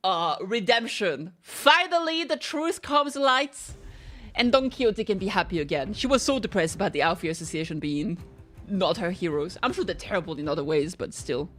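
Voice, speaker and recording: A woman streamer chatting playfully over gameplay, making silly noises and swearing in excited bursts. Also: on the low side, brisk. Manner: playful, silly mouth noises and sing-song bits; swears freely in excited outbursts. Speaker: streamer playing a game. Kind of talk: casual gameplay commentary.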